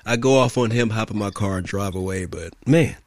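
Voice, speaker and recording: Podcast co-host, man, low voice, dry close sound, swears constantly, tells animated stories. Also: a little fast, no echo. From California. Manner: profane, animated storyteller who acts out quotes. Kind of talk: casual storytelling chat.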